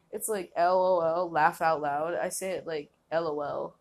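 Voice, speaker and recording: A young woman hosting a casual solo podcast, rambling and laughing often, filling her talk with "like". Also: fairly low pitch. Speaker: podcast host.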